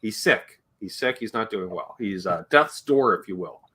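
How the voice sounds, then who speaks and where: A man's voice: fairly low pitch, lively intonation, measured pace, bright, forceful tone, a little hiss or hum. A man hosting a casual livestream chat, rambling and joking and reading viewer comments aloud as he talks. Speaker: livestream host.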